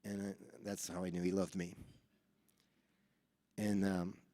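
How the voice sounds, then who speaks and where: A man from New York giving a motivational talk at a seminar, telling animated stories and acting out the dialogue. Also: sits low, unhurried. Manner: animated storyteller who acts out dialogue. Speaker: Rotary speaker at a training seminar. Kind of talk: motivational speech with storytelling. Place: large event hall. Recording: reverberant hall.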